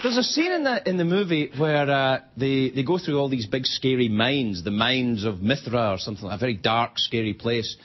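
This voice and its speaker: A man's voice: medium pitch, lively intonation, normal speed, few pauses. A Scottish man hosting a late-night show, delivering a stand-up monologue with laughing asides and mock outrage. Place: TV studio with live audience. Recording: dull TV audio with loud audience laughter.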